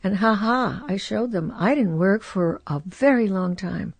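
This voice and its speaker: A woman in her eighties, a guest actress telling stories in an expressive, animated way in a casual conversation. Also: medium pitch, measured pace, creaky. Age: 80s. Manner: animated storyteller, warm and expressive. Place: host's garage studio.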